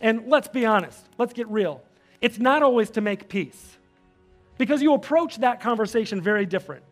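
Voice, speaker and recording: Man, pastor, sermon, high-pitched, animated delivery, faint music behind. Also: moderate pace. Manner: animated preaching, voice rises when fired up; drops soft and low for prayers.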